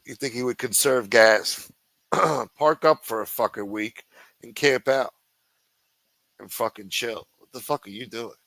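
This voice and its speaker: A man's voice: mid-range voice, a little slow, vocal fry, fairly bright tone, no echo, low-quality recording. A man hosting a livestream, ranting with constant profanity in a sneering, contemptuous way. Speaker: livestream host.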